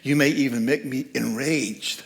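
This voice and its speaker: A man's voice: mid-range voice, fairly even intonation, measured pace, vocal fry. A man speaking as guest speaker at a church service, giving a conversational, joking sermon and laughing at his own asides.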